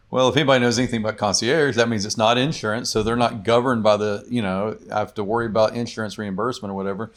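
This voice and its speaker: A man's voice: lowish voice, fairly even intonation, rapid-fire, hardly any pauses. A man, a doctor and podcast guest, chatting casually and telling stories in which he acts out the people he quotes. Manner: storytelling, acts out quoted patients.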